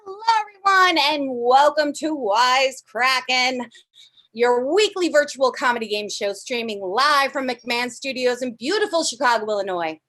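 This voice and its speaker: Upbeat high-voiced woman hosting a game show. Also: lively intonation, normal speed, bright, forceful tone. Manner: upbeat, playful and teasing. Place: home studio.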